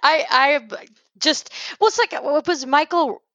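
A woman in casual chat, profane and animated, slipping into loud quoted rants. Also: high-pitched, measured pace, no echo, muffled recording.

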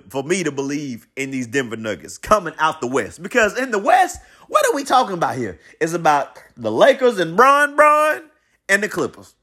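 High, animated man talking basketball. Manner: animated, blunt, colloquial, repeats himself. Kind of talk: opinionated basketball commentary monologue.

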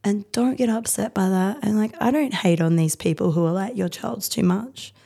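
Woman, thirties, warm voice, rambling heartfelt chat, interview guest. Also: medium pitch, creaky, breathy edge. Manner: rapid, rambling, heartfelt, with many fillers. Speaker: podcast guest. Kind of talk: candid conversational interview.

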